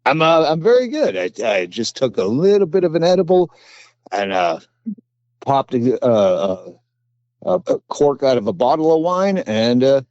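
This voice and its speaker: A middle-aged man, a comedian guest, chatting casually on a podcast in a halting, rambling way with dry humor. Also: mid-range voice, big pitch swings, darkish tone, dry recording, lo-fi sound.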